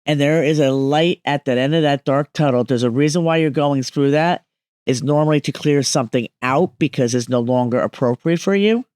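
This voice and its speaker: A woman's voice: low voice, a little fast, a little mellow, dry recording, clean studio sound. A woman speaking as a medium guest on a podcast, explaining emphatically and often checking that listeners follow.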